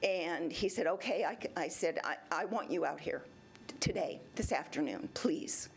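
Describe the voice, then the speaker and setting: A woman's voice: lowish voice, normal speed, gravelly. A woman in her seventies addressing a city council chamber, telling her complaint in a rambling way and acting out both sides of past conversations. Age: 70s. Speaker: resident speaking at public comment. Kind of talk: recounting a personal complaint.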